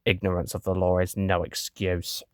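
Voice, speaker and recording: A man's voice: low-pitched, completely flat delivery, normal speed, no echo, clean studio sound, natural voice. A man voicing a stern comic-strip police officer who arrests people for farting. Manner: stern, tough-cop talk.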